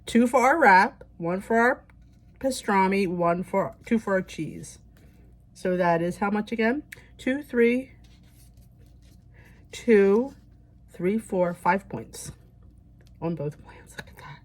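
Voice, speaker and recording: A middle-aged woman hosts a casual cooking vlog from her home kitchen, chatting upbeat with her viewers. Her voice sits at a medium pitch, and she speaks slowly with frequent pauses.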